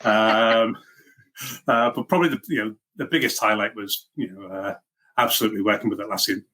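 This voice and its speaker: A man's voice: on the low side, normal speed, bright, forceful tone. A middle-aged man from Liverpool with a mixed Liverpool and Welsh accent, chatting as an interview guest, self-deprecating and full of fillers and restarts. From Liverpool, England. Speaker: guest, software engineering leader. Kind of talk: casual interview chat.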